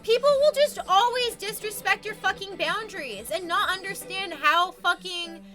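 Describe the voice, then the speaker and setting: A woman's voice: extremely high pitch, normal speed, pushed and bright. A woman streaming live, chatting casually with her viewers, rambling and swearing as she gets worked up and reads chat messages aloud. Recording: music playing behind.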